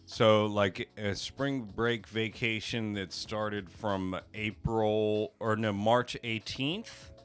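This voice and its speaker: A man's voice: lowish voice, fairly even intonation, takes it slowly, hardly any pauses, a bit bright, clear, resonant tone, faint music behind. A man telling a long story in casual podcast chat, rambling with many fillers and casual swearing. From United States. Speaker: podcast co-host.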